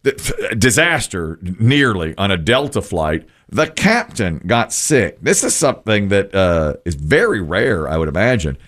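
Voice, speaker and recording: A man hosting a talk show, telling stories in an animated, self-mocking way. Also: lowish voice, measured pace, hardly any pauses. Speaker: radio show host. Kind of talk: casual storytelling chat.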